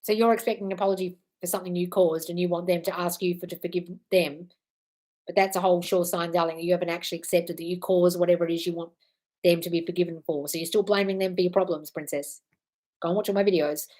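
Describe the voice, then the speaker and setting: A woman's voice: lowish voice, little pitch movement, fast talker, darkish tone. An Australian woman hosting a live-stream Q&A, reading out comments and answering bluntly but affectionately, calling listeners darling. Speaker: manifestation coach.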